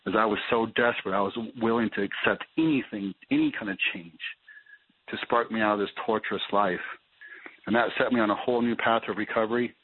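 A man telling his personal recovery story as a guest, in a halting way that repeats words as he restarts. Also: fairly low pitch, slight background noise. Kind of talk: personal testimony. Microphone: phone call. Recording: tinny phone line.

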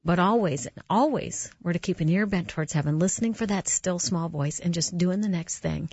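A woman's voice: fairly low pitch, a little fast, husky, no room sound. Earnest woman hosting Christian radio. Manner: earnest, conversational, with restarts and soft laughs. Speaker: radio show host. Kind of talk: Christian radio talk and personal storytelling. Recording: dull, slightly muffled radio audio.

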